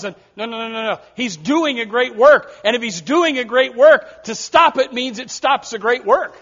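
A middle-aged male pastor preaching a sermon, swinging from soft asides to loud, repeated appeals. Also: extremely high pitch, lively intonation, moderate pace, hardly any pauses, lo-fi sound.

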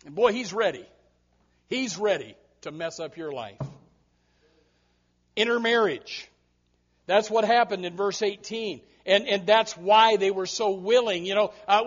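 A man with a high voice preaches a fiery sermon, moving from muttered asides into loud, stirred-up preaching. He stumbles into quick repeated restarts. The recording sounds dull and lo-fi. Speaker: pastor.

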